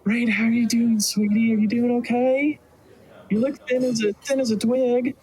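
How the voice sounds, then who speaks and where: A man voicing a doting elven mother who squeals and fusses in a high Southern drawl. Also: steady tone, moderate pace, dark tone, close to an everyday voice, poor audio.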